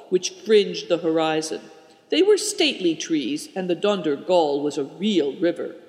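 A man narrating a storybook in an expressive, animated way, recorded in an echoey room. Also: a little high. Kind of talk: storybook reading. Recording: echoey room with long reverb.

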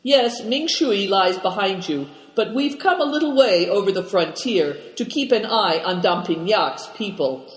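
A brash bandit chief, voiced by a male reader bluffs loudly, claiming to be an officer. His lines jump high and strong above the narration, with an echoey room around them. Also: animated, a little slow, few pauses. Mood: boastful. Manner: loud and boastful. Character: bold, loud male bandit chief in disguise.

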